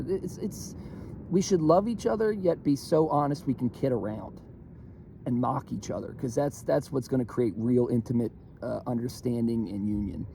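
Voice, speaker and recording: A young man from Philadelphia ranting casually, profane and animated, with lots of fillers and restarts. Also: fairly high pitch, fairly quick, vocal fry, background noise. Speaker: vlogger. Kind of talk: casual rant to camera.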